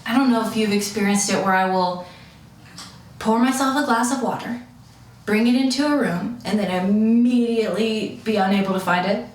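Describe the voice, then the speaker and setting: A woman comedian doing stand-up, telling playful stories with lively swings in her voice. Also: moderate pace. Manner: playful, animated storytelling with swings in pitch. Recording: echoey room from far off.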